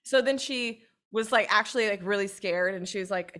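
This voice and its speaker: A woman's voice: medium pitch, fairly quick, few pauses, a bit bright. A woman co-hosting a podcast, telling a long, rambling story in casual chat and swearing freely. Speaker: podcast co-host.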